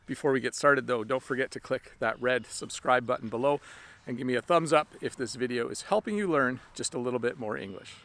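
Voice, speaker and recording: A man teaching an English lesson outdoors, speaking slowly and clearly with simple examples, a little out of breath. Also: medium pitch, fairly bright tone. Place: outdoors in the rain. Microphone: camera on a stand.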